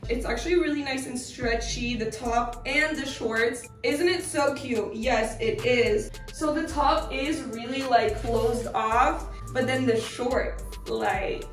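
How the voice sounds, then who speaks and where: Bubbly high-voiced young woman vlogger. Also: slow pace, recorded from a distance, soft background music. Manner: bubbly, gushing, filler-heavy. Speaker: fashion vlogger. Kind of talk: casual try-on haul chat. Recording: echoey room, voice set back from the mic.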